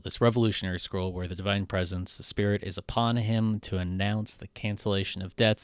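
A man's voice: on the low side, dry recording, studio quality. A man preaching a conversational sermon in a casual, irreverent way. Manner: casual, irreverent, with frequent fillers and restarts. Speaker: pastor.

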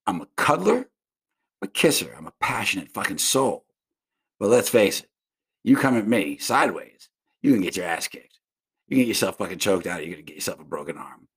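A man's voice: sits low, lively intonation, a little fast, husky. A man from South Florida hosting a casual solo podcast from home, rambling through a profane monologue with many restarts and tangents. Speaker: podcast host.

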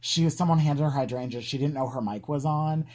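A podcast co-host chatting casually, chiming in quickly and gossiping eagerly. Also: medium pitch, a little mellow. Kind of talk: casual chat.

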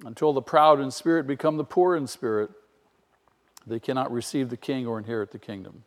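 A man's voice: mid-range voice, brisk. A man preaching a sermon as pastor, emphatic and peppering the congregation with rhetorical questions. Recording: long hall reverb.

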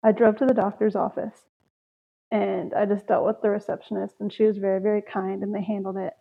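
A woman's voice: mid-range voice, level tone, fairly quick, vocal fry, breathy edge. A young woman hosting a solo podcast, chatting casually and telling stories about her day with sighs and laughs. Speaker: podcast host. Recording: tinny phone-like audio.

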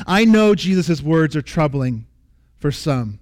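This pastor's sermon is very animated yet unhurried, delivered in a man's voice that sits a little high. He repeats points with earnest emphasis and at times drops into a soft near-whisper.

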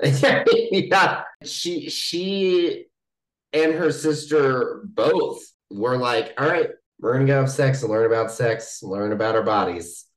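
A woman's voice: extremely low pitch, takes it slowly. A woman co-hosting a podcast, bantering casually and laughing often. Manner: giggly, agreeable banter. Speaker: podcast co-host. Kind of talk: casual chat. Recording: roomy echo.

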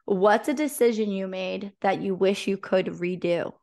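A woman's voice: medium pitch, unhurried, darkish tone. Chatty woman podcast host. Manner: chatty, tells personal stories with frequent fillers. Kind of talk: casual conversational interview.

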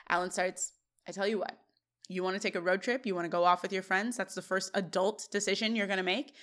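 This podcast co-host has a mid-range female voice and talks quickly as she casually recaps a TV episode scene by scene. Her retelling is lively, with plenty of laughs.

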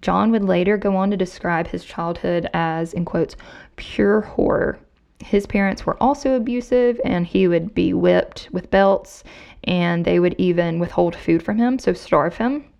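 Gravelly woman telling a crime story. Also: lowish voice, moderate pace, a little mellow. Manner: conversational, reads quotes with emphasis. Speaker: podcast host.

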